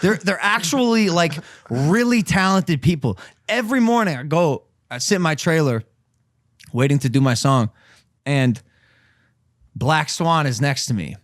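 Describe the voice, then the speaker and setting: A young man in his twenties hosting a podcast, telling stories in an animated, casual way with swearing. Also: fairly high pitch, a little slow, dry recording, studio quality. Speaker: podcast host. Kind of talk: casual chat.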